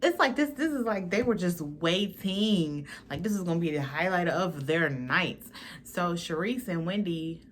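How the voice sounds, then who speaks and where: A woman's voice: lowish voice, animated, unhurried, a little hiss or hum. A young woman hosting a casual reality TV recap, blunt and slangy, swearing freely and mimicking the cast.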